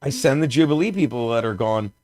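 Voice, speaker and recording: A man's voice: medium pitch, quick pace, a little mellow. A man in his fifties from South Jersey, telling a rambling story on a podcast and laughing as he goes. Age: 50s. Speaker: comedian guest.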